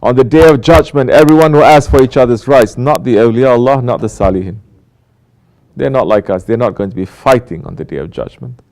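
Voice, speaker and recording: A man's voice: medium pitch, expressive, a little fast, a little mellow. Male Sufi teacher, mid-range voice, emphatic preaching with rhetorical questions. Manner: rhetorical questions, emphatic, mocking quoted apologies. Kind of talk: sermon.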